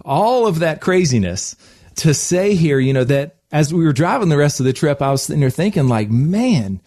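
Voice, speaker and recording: A man hosting a radio show, telling a lively personal story with frequent laughs. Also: a little high, normal speed, dry recording, studio quality.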